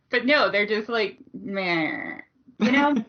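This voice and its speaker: A woman's voice: a little high, muffled recording. A woman co-hosting a podcast, recapping a movie in a casual, blunt way and laughing often. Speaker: podcast co-host.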